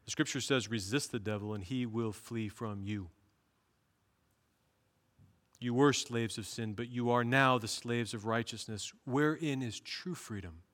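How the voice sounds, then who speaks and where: A man's voice: medium pitch, normal speed, few pauses, fairly bright tone, long reverb tail. A male pastor preaching a sermon in an earnest manner, rising to emphatic bursts.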